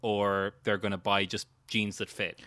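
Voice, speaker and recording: Joking game master. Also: male voice, on the low side, flat delivery, a little slow, sharp tone, clean tone, no room sound. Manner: joking, laughs often. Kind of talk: narrating a tabletop game.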